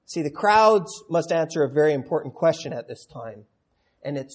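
A man preaching a sermon as pastor, explaining in a teaching tone, with loud stressed words and quiet drops. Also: fairly high pitch, lively intonation, normal speed. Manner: explanatory teaching tone with audience asides.

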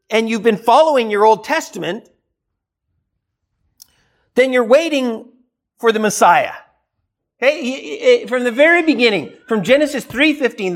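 A preacher delivering a sermon in a conversational way, asking the listeners rhetorical questions and now and then acting out what people might say. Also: medium pitch.

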